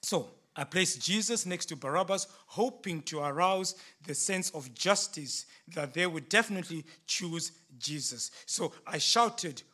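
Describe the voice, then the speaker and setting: A frustrated, defensive Roman governor, put on by a preacher in a dramatic first-person sermon. The voice sits high and bright and moves at a measured, slow pace. The delivery is theatrical and swells into loud, indignant outbursts. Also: male voice, animated, full character voice. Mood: recounting. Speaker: preacher in character.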